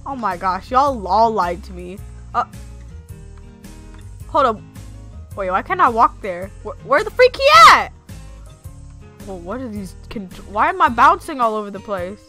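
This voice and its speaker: A woman commentating her own gameplay, reacting loudly and giggling, sometimes voicing the characters. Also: medium pitch, very animated, measured pace, pauses often, faint music behind. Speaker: gamer. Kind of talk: let's play commentary.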